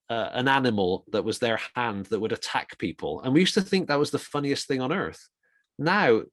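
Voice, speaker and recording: A middle-aged man giving an informal, reflective talk on communication for ministry, with quick asides. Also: medium pitch, no room sound, studio quality. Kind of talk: conversational talk.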